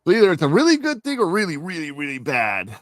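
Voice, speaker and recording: A man's voice: a little high, fast, no room sound. A young man ranting in a casual monologue, blunt and heavy with swearing, as an indie author promoting his book. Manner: profane, blunt and animated. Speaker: indie author and channel host.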